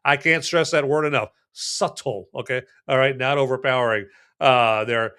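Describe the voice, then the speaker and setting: A man's voice: medium pitch, normal speed, pushed and bright, smooth. A man casually reviewing a beer on a podcast, rambling with lots of fillers, restarts and jokes. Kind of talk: casual chat.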